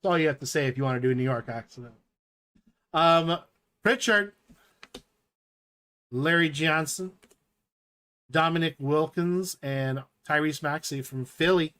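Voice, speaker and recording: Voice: mid-range voice, measured pace, long pauses, a bit bright. A live-stream host chatting enthusiastically while opening packs and reading out each card as it appears.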